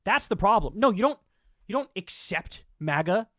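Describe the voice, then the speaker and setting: A man's voice: high-pitched, very animated, normal speed, fairly bright tone, no room sound, clean studio sound. A man hosting political commentary, ranting angrily with lots of swearing. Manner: angry, profane ranting.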